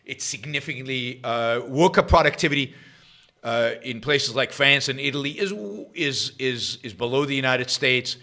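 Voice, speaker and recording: A middle-aged man hosting a political talk livestream, sarcastic and rambling, jumping between loud emphasis and quiet muttered asides. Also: medium pitch, steady tone, normal speed. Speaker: host of a political talk show. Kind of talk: livestream commentary.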